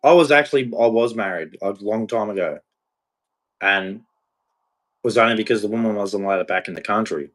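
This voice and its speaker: A man's voice: lowish voice, brisk, long pauses, fairly bright tone, poor audio. A man giving a blunt, rambling, emphatic monologue about relationships, speaking candidly as a podcast host.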